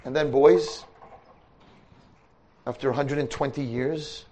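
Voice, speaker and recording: A rabbi delivers a sermon to yeshiva boys in a slow, medium-pitched male voice, animatedly acting out the voices of people in his stories. The audio is poor.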